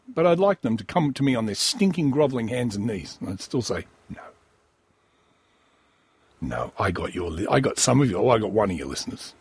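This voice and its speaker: A wheezy man hosts a comedy podcast, riffing crudely and sardonically on a news item, with coughs breaking in. His husky voice swings up and down in pitch. The recording is dry and close. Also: no echo. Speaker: podcast host. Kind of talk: profane comic riffing on a news story.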